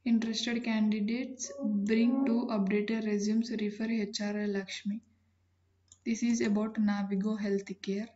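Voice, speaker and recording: A woman, hosting a channel and reading out job listings in a plain, businesslike way with frequent pauses. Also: medium pitch, little pitch movement, warm tone, highs cut off.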